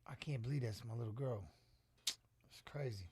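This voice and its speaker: A man's voice: mid-range voice, moderate pace, slightly rough. A middle-aged man giving casual live fight commentary in a rambling, emotional, salty way. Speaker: watch-along commentator.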